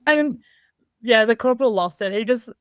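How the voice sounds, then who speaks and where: An Australian woman telling lively, laugh-filled stories as an interview guest, swearing casually, over a video call. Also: a little high, no room sound, lo-fi sound. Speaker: army reservist guest.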